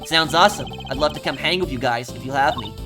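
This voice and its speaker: A man voicing a smooth, cocky male defense lawyer in a put-on accent, slick and drawn-out, over game music. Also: on the high side, close to an everyday voice. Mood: smug. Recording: game music playing underneath.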